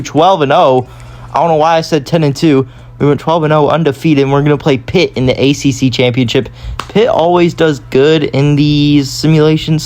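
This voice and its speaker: A man's voice: fairly high pitch, darkish tone. A man giving casual gameplay commentary, rambling and often correcting himself. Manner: rambling, self-correcting, chatty. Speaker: gaming YouTuber.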